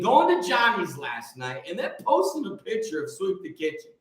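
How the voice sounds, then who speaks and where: A man's voice: high-pitched, huge pitch swings, moderate pace. A man hosting a casual morning livestream, greeting viewers by name and making emphatic, preachy points. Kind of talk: casual live-stream chat with viewers. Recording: very echoey room.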